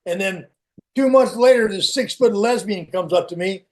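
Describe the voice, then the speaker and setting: A man's voice: high-pitched, normal speed, a little mellow. A middle-aged man giving a candid, plain-spoken personal recovery share over a video call. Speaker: recovery meeting speaker.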